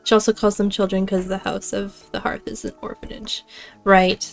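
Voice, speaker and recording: A woman's voice: mid-range voice, level tone, normal speed, gravelly, faint music behind. A young woman streaming a game, chatting casually with viewers, reading chat aloud and giggling often.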